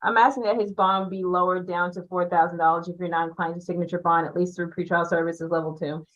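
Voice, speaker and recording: A woman's voice: lowish voice, fairly even intonation, fast talker. A woman defense attorney arguing for a bond in court, politely addressing the judge. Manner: polite, addresses the judge formally, laughs easily. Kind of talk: courtroom argument. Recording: muffled courtroom audio.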